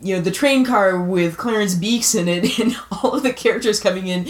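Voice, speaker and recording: A woman co-hosts a relaxed film-chat podcast, talking in a chatty, giggly way and often restarting her sentences. Her voice rings in an echoey room. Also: medium pitch, a little fast. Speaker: podcast co-host. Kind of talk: casual movie-discussion chat.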